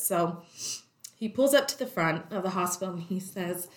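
A woman telling a personal story in a lively way, acting out the voices of the people in it. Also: mid-range voice, normal speed. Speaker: guest telling her story. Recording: roomy echo.

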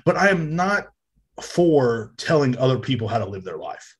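A man's voice: mid-range voice, sing-song, normal speed, husky. Profane rambling man on a podcast. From United States. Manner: profane, rambling, frequent fillers. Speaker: podcast host. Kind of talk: casual ranting monologue. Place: home room near a street. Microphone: desk microphone.

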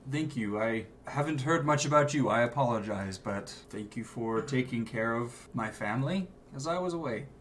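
A man's voice: medium pitch, expressive, normal speed, hardly any pauses, fairly bright tone, a little hiss or hum. A man playing his character in a tabletop game, asking urgent questions with stammering restarts. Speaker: player.

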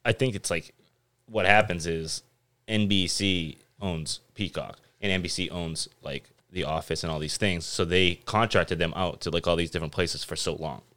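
A man's voice: deep voice, steady tone, moderate pace, a bit bright, dry recording. A man hosting a podcast, telling a long story in a laid-back, casual way and swearing freely. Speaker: podcast host. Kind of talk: casual chat.

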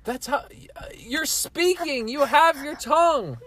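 A man's voice: very high voice, slow, fairly bright tone, a little hiss or hum. A man co-hosting a podcast, protesting in an exasperated, rambling way. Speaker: podcast co-host. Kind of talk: casual argument.

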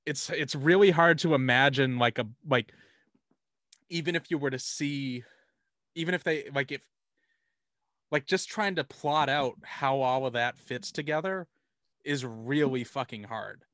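A man's voice: mid-range voice, a little slow, long pauses, a bit bright, no room sound, clean studio sound. A man hosting a casual film discussion, rambling and profane, restarting his sentences often.

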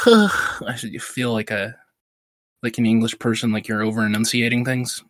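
A man's voice: mid-range voice, normal speed, no echo, clean studio sound. Stuffy-nosed man telling stories. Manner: laughing, animated storyteller. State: stuffy with a sinus infection. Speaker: podcast co-host. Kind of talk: casual chat.

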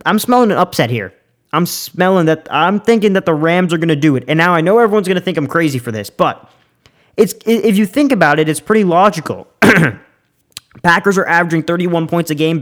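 A young man with a slightly higher-than-average voice delivers a heated, opinionated football rant. He talks fast and loose, repeating himself and restarting his sentences as he gets worked up. The delivery is casual podcast talk, not scripted. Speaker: sports podcast host.

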